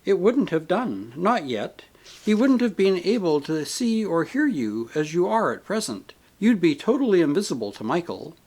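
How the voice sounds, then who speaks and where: Guy reading as a calm kind spirit, patient, talks w/ lots of lift and fall. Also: sits high, normal speed, full character voice. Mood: gentle. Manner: calm, kindly, reasoning. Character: gentle patient male spirit, brother figure. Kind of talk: audiobook character reading.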